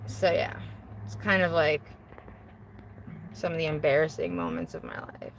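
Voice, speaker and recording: A woman's voice: sits low, fairly even intonation, moderate pace, vocal fry, long pauses, low-quality recording. A middle-aged woman rambles through viewer comments outdoors, talking in a loose, self-mocking way. She swears casually and laughs at herself, and there is a faint hum of background noise behind her voice. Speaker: vlogger reading viewer comments. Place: outdoors on a porch while smoking.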